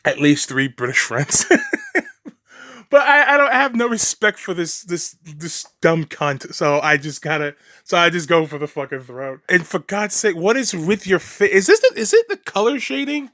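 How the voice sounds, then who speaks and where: A man with a notably high voice delivers a ranting reaction commentary. He is profane, sarcastic and mocking, and he rambles with restarts and short laughs. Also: big pitch swings, normal speed, sharp tone.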